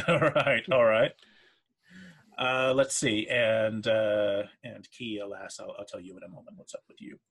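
A man narrating as game master of a tabletop game, halting with many fillers and restarts. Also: lowish voice, fairly even intonation, fairly bright tone, husky.

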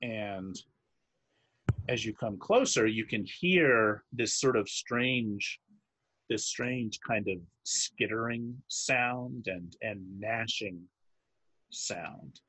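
Slow husky game master. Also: male voice, on the low side, pushed and bright. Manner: halting, searching for words while describing scenes. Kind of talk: narrating a tabletop game.

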